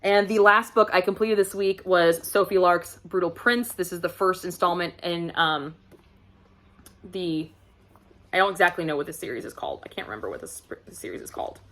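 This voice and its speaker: A woman's voice: on the low side, normal speed, a bit bright. A woman reviewing books in a casual vlog, chatty and gushing, laughing often as she talks. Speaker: book reviewer.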